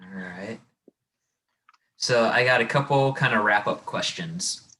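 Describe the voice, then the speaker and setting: A man's voice: medium pitch, slow pace, bright, forceful tone, rough recording. A man hosting a podcast interview, asking loose, meandering questions with fillers. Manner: short listening replies, loose rambling questions. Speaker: podcast host. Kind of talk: casual interview.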